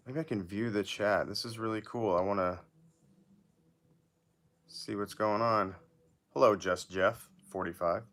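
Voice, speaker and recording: A man's voice: fairly low pitch, fairly bright tone, a little hiss or hum. A man hosting a casual livestream, chatting in a rambling way while repairing action figures and reading chat aloud.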